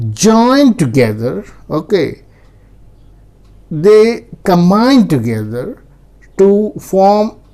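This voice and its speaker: A man with an Indian accent gives an English pronunciation lesson, moving between English and Hindi. He talks slowly and patiently, saying each example word aloud over and over for his students. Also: high-pitched, mellow. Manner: slow, repetitive, drills words aloud. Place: in front of a teaching board.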